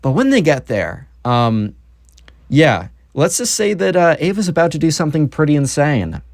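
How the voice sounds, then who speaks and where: A man's voice: fairly high pitch, sing-song, normal speed, vocal fry, no echo, studio quality. Rambling young man telling a story. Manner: rambling, lots of fillers and asides. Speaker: YouTube storyteller. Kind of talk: casual storytime narration.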